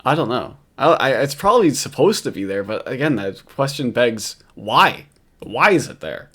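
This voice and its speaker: A man's voice: medium pitch, sing-song, normal speed, fairly bright tone. A man with a New York accent giving casual, mocking reaction commentary. He rambles, swears and laughs often.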